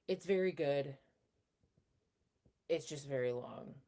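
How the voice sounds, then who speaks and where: A woman's voice: sits low, slow pace, dark tone. A young woman hosting a casual livestream, chatting and reading out viewer comments in a rambling, friendly way. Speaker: livestream host. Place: home room.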